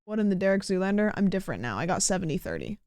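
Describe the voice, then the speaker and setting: A young woman with a Pacific Northwest American accent, hosting a livestream and chatting casually with viewers. She rambles, says "like" constantly, and calls herself monotone. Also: mid-range voice, rapid-fire, a crowd in the background. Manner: chatty and rambling, heavy use of "like", self-described monotone. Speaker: livestream host.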